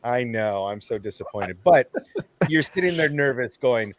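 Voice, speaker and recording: A man hosting a casual group livestream chat, talking in an animated way and acting out his own nervous thoughts. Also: mid-range voice, measured pace, no room sound. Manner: animated, acts out nervous inner voices. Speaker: channel host.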